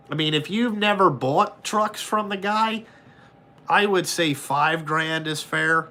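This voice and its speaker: In a slightly high voice and at a measured pace, a male trucker answers his viewers in casual conversation. He swears often, speaks bluntly and animatedly, and replays his calls by acting them out.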